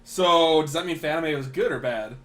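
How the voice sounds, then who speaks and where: Teasing man, slightly higher voice. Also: normal speed, a bit bright. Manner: teasing questions, laughs often. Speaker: podcast co-host. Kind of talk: casual podcast banter.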